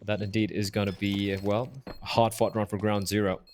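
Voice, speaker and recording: A man on a headset mic giving fast play-by-play commentary on a shooter match, getting excited during big plays. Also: lowish voice. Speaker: esports caster. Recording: faint noise and game gunfire behind.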